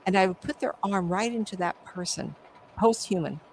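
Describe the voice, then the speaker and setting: A woman's voice: mid-range voice, moderate pace, darkish tone, slight background noise, low-quality recording. A middle-aged woman, a psychic medium, telling stories animatedly in an interview and acting out the voices. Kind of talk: conversational interview storytelling.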